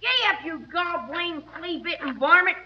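A restless, mischievous little boy pipes up in a very high voice, full of cheeky bravado. The recording is dull and hissy, like an aged radio transcription. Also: expressive, measured pace. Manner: cheeky, boyish shouting. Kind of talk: 1940s radio drama acting.

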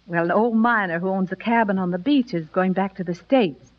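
An actress playing a determined pioneer mother in a 1940s radio drama, speaking with earnest, clear diction. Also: mid-range voice, brisk, lightly acted. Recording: dull old radio broadcast recording.

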